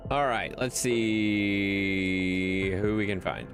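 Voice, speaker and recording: A man's voice: sits low, extremely slow, music in the background. A man streaming a game late at night, chatting loosely with viewers and his dog and swearing freely. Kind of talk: casual livestream gameplay commentary.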